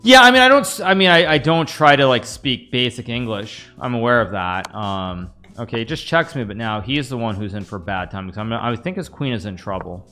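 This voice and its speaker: Speaking briskly with few pauses, a man delivers bright, forceful commentary in a medium pitch with lively intonation, faint music behind him. He's an American in his thirties live-streaming chess, chatting and rambling to viewers while he plays.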